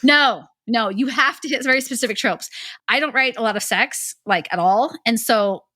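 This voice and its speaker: A woman's voice: a little high, normal speed, pushed and bright, no echo, studio quality. A woman in her forties, a guest author on a podcast, chatting energetically with frequent laughs and lots of "like". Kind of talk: casual podcast chat.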